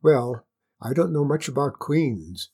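A narrator doing a calm, polite magic hare. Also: medium pitch, slow, slightly rough, heavily acted. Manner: mild and reasonable.

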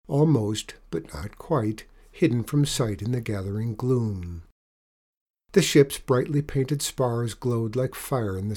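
Male storyteller, mellow tone, lively read-aloud of a children's adventure. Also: mid-range voice. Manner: expressive, animated story reading.

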